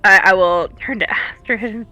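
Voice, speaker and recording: A woman playing a tabletop game, describing her character's move loudly and eagerly. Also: medium pitch, unhurried, no room sound, soft background music. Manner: loud, excited. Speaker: player.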